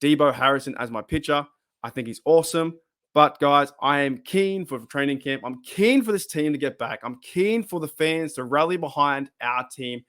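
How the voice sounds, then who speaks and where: Excitable man. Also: a little high, moderate pace. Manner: excitable, rambling fan enthusiasm. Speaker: fan channel host. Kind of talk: casual vlog talk.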